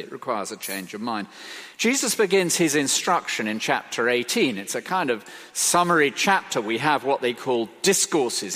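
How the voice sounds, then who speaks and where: A man preaching a sermon, emphatic and expressive, asking rhetorical questions. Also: medium pitch. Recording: reverberant hall.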